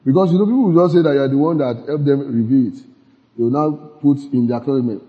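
A man's voice: mid-range voice, fast. A man preaching a casual, conversational sermon, laughing often and checking whether his listeners follow. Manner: laughs often, asks the audience if they follow. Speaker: pastor. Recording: muffled sound with long hall reverb.

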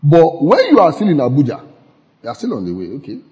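A man's voice: fairly high pitch, huge pitch swings, fast talker, darkish tone. A man preaching a casual, conversational sermon, laughing often and checking whether his listeners follow. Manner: laughs often, asks the audience if they follow. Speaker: pastor. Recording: muffled sound with long hall reverb.

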